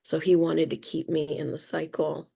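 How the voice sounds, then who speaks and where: A woman's voice: deep voice, flat delivery, moderate pace, vocal fry, mellow, breathy edge. A middle-aged woman talking candidly and reflectively, rambling a little and swearing casually. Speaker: spiritual reader sharing experience.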